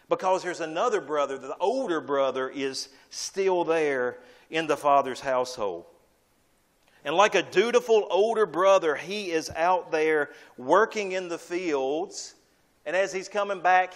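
Emphatic man preaching a sermon. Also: on the high side. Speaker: pastor.

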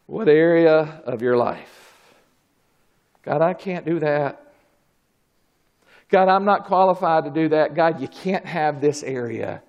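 Male preacher, very high and gravelly, slow deliberate sermon with sudden shouted exclamations and praise calls. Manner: swings from quiet asides to shouted exclamations; calls out "glory, hallelujah".

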